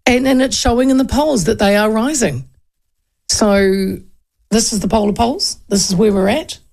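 Chatty New woman with gravelly fry. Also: on the high side, normal speed, a little mellow. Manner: chatty and digressive, with asides and laughs. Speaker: radio or podcast host. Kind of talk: casual political commentary.

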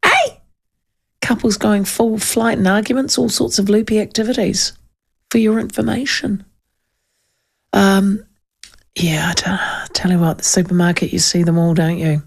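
A middle-aged woman with a New Zealand accent, hosting a radio talk show in casual chat, reading out listener texts and telling animated stories with asides. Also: mid-range voice, normal speed, gravelly. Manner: chatty, animated storyteller with asides.

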